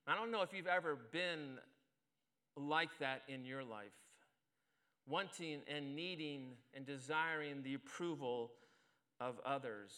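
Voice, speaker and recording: A man's voice: a little high, pushed and bright, clear, resonant tone. A middle-aged man, a pastor, preaching a sermon and telling a self-deprecating story in a conversational way at a church service.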